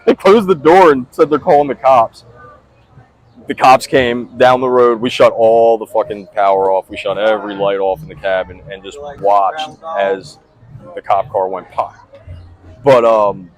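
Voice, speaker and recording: A man's voice: on the low side, flat delivery, a little slow, poor audio. Rambling, profane young guy telling a story. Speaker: podcast host. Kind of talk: casual storytelling chat.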